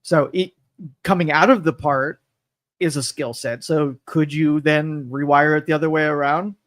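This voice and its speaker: A man co-hosts a local talk radio show with a voice a little higher than most men's. He speculates in a thoughtful, musing way. The sound is close and dry in the studio. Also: steady tone, normal speed, a bit bright, no room sound. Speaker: co-host. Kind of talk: casual talk radio chat.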